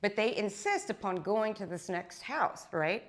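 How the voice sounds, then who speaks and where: Woman spiritual teacher talking to her followers, intense and blunt, swears a lot, keeps asking right?, mid pitch voice. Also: animated, a little slow. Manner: intense, blunt, swears, frequent tag questions. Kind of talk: monologue to followers.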